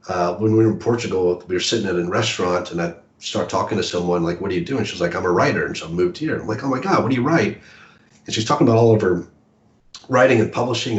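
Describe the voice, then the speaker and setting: A man talking casually as an author guest in a rambling, self-deprecating way, laughing easily. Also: low-pitched. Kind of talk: casual conversation. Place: home in a city apartment. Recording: roomy, dull video call audio.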